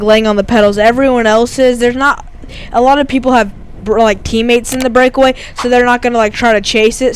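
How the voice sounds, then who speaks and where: A man's voice: very high voice, a little hiss or hum. A teenage boy, giving casual, rambling voice-over commentary over his own race footage and filling his talk with "like". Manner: rambling and chatty, heavy on "like" fillers. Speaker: amateur bike racer and vlogger.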